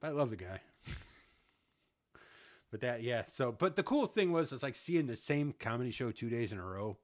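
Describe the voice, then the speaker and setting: An expressive man in his thirties with a mid-range voice hosts a casual podcast and tells a story at normal speed. He often laughs, swears freely, and acts out dialogue.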